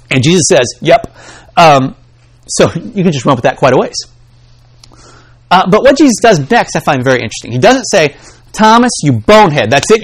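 A man preaching a sermon in an animated way, acting out the voices he quotes. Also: a little high, husky.

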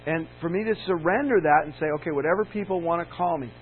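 A man's voice: a little high, fast talker. A man preaching a sermon as a campus minister, candid and storytelling, building to emphatic peaks. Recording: tinny lo-fi sound with faint mains hum.

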